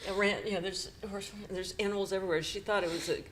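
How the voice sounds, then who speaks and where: A woman's voice: mid-range voice, fairly even intonation, slight background noise. Middle-aged woman telling an emotional story. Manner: halting, emotional retelling with nervous laughs. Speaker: podcast co-host. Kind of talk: personal storytelling.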